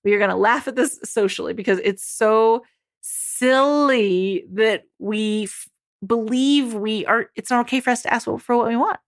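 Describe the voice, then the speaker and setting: A woman's voice: fairly high pitch, moderate pace. A woman life coach talking to mothers in a monologue, upbeat and encouraging, speaking straight to her listeners.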